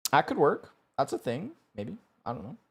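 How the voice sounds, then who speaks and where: A man's voice: fairly high pitch, very animated, normal speed, gravelly, a bit bright, breathy edge. A young man talking casually on a live stream, rambling and stumbling over his words. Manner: rambling, stumbling, laughing often.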